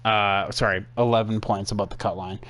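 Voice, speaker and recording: A man's voice: lowish voice, flat delivery, fairly quick, a bit bright. A young man casually commentating his racing game stream for his chat, sarcastic and easily exasperated, rambling with fillers.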